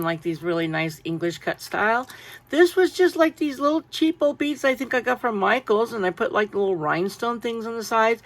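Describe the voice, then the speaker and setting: Brief: chatty woman vlogger, mid-pitched, animated show-and-tell about beads and finds. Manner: chatty, animated, many asides and fillers. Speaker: craft haul vlogger. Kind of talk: casual show-and-tell haul.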